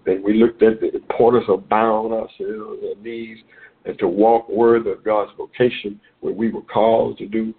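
Male radio preacher, lowish voice, preacherly repetition, thin phone-line audio. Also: little pitch movement, normal speed, gravelly. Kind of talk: radio Bible lesson.

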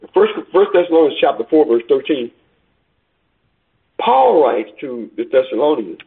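A man preaching a sermon over a call, emphatic, swinging between loud peaks and quiet asides. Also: mid-range voice, very animated, normal speed, breathy edge. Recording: tinny phone line.

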